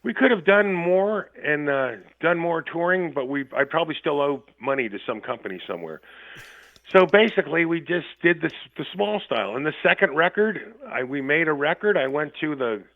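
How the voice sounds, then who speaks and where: A man with a gravelly, fairly high voice tells rambling, swear-heavy stories as a guest on a radio show. The sound is dry and thin, squeezed through a tinny phone line. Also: lively intonation, normal speed, no echo. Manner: rambling, profane, laughing anecdotes. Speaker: band member guest. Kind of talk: casual interview storytelling.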